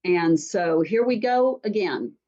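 A woman from Alaska, a talk-show guest, telling a story in lively, chatty fashion with frequent ums and restarts. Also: lowish voice, slow pace. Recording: dull lo-fi sound.

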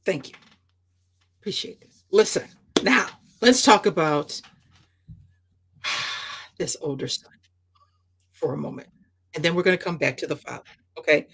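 A woman co-hosting a ministry podcast, talking through a Bible parable in a lively, conversational way and slipping into character voices. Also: sits low, measured pace, gravelly, pauses often, breathy edge. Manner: animated, acts out the characters she describes.

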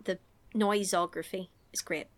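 A woman's voice: on the low side, steady tone, measured pace. Woman gabbing about a movie, giggly, puts on silly voices. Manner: chatty, giggly, acts out lines in silly voices. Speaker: podcast co-host recapping a film. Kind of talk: casual chat.

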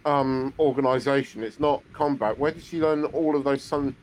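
A man's voice: medium pitch, moderate pace, a little mellow. A man co-hosting a podcast, explaining hesitantly with many restarts in casual chat. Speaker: podcast co-host. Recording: faint background noise.

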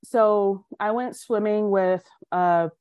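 Taking it slowly in a smooth, mid-range voice, a young adult woman from Colorado candidly relates her life on a podcast, lively as she acts out what others said. The sound is clean studio quality with no echo.

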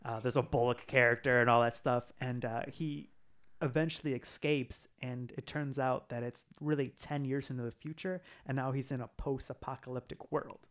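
A man's voice: medium pitch, fairly even intonation, normal speed, fairly bright tone. A man in casual chat, retelling a comic book plot in a rambling way with lots of fillers.

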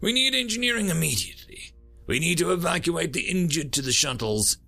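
A wounded ship's doctor speaks through pain, his words coming out in grunts, as a man plays him. He sounds resigned and steady, set higher than the narrator's own voice. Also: a little fast, gravelly, faint music behind, heavily acted. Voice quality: pained, grunting.

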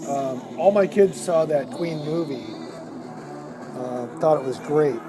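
Host, man, eager music chat, loud instrument track under him. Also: on the high side, unhurried. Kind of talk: casual chat.

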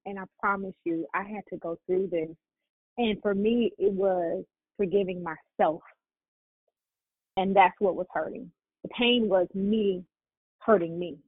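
A woman's voice: mid-range voice, steady tone, measured pace, pauses often, breathy edge, no room sound. A woman hosting a prayer call, preaching with fervent encouragement. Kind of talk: preaching and exhortation. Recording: dry, tinny phone line.

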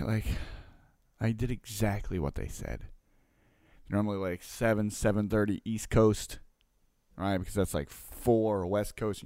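A man talks to his listeners in a relaxed storytelling style, with a fairly low voice. He acts out conversations with lively energy and keeps checking in with "right?". The sound is dry, with no room echo. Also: clean tone. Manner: animated, acts out dialogue, constant "right?" tags. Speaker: coach and online marketer. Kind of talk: casual storytelling monologue.

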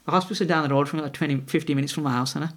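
Fast-talking man telling stories. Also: fairly high pitch, steady tone. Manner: rambling, many restarts and tag questions. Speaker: podcast guest. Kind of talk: casual conversational storytelling.

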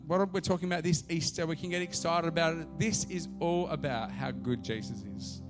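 A man's voice: a little high, normal speed, hardly any pauses, over music. Male pastor preaching a sermon. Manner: storytelling, swinging from hushed to loud and lively.

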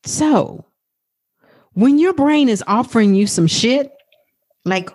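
A woman life coach hosting a motivational podcast, talking in an animated, profane way. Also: slow pace, breathy edge, no room sound, studio quality. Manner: animated, profane, acts out quoted talk in a high voice.

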